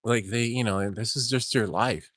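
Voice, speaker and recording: Low-voiced man rambling through a vlog story. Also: normal speed, fairly bright tone, dry recording. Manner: chuckles through his stories, trailing off and restarting. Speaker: vlogger.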